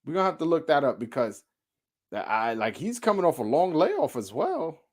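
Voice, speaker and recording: Animated man ranting about boxing. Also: on the high side, moderate pace. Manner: animated, profane, rhetorical questions, repeats himself. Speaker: boxing commentator, show host. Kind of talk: casual opinion rant.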